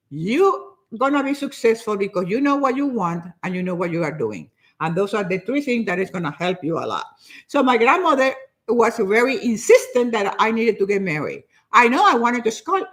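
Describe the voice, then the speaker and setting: An older woman giving a motivational talk in an animated, preachy way, often repeating herself for emphasis. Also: fairly high pitch, normal speed. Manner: acts out other people's nagging voices. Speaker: motivational speaker.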